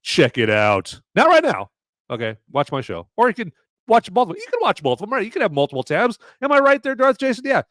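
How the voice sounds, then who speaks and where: A live podcast host with a high-sitting voice speaks at a quick pace, captured cleanly in a studio with no echo. Animated and swearing freely, he trades casual banter with his chat.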